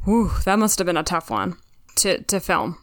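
A woman's voice: fairly low pitch, very animated, moderate pace, no echo, studio quality. A woman co-hosting a TV recap podcast in casual chat, musing and asking rhetorical questions. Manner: conversational, offers life advice, asks rhetorical questions. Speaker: podcast co-host.

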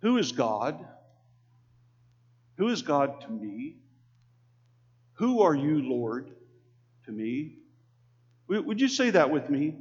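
A man's voice: fairly high pitch, very animated, slow pace, long pauses, darkish tone, breathy edge. A man from Texas preaching a sermon in an earnest, conversational way, calling on the congregation to repeat lines after him. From Texas, USA. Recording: dull lo-fi sermon recording.

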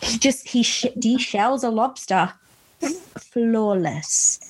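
A woman from England with a British accent, co-hosting a podcast and telling animated stories. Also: a little high, slow pace, slightly rough, rough recording. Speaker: podcast co-host. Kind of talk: casual podcast chat.

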